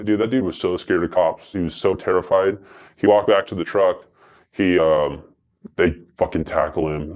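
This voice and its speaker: A man's voice: low-pitched, a little mellow, muffled recording. A man guest telling profane, rambling stories in a casual chat, full of fillers. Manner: rambling, profane, fast anecdotes with many fillers. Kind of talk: casual storytelling.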